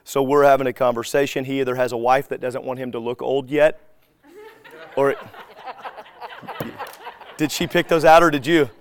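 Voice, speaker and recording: A man teaching a live group in a relaxed, conversational way. He acts out bits of everyday dialogue as he tells his stories. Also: mid-range voice, moderate pace, pauses often. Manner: animated storyteller who acts out dialogue.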